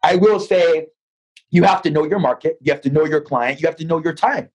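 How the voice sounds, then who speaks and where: Husky high-voiced man telling stories. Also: fairly quick, rough recording. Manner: lively storyteller who acts out dialogue; repeats words as he restarts. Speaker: guest, financial advisor. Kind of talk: podcast interview.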